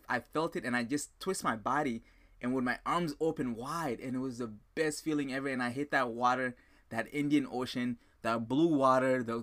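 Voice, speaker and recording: Man, podcast host, animated storytelling, bright forceful voice, talks to listeners directly. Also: mid-range voice. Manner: animated, excitable, repeats himself, addresses listeners as guys. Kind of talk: motivational storytelling monologue.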